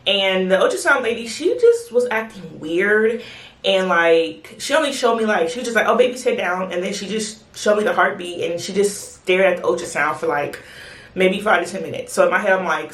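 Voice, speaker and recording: A woman telling her birth story in a casual, excited, chatty way, acting out the voices of the people in it. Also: mid-range voice, fairly quick. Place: home bathroom. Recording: echoey bathroom.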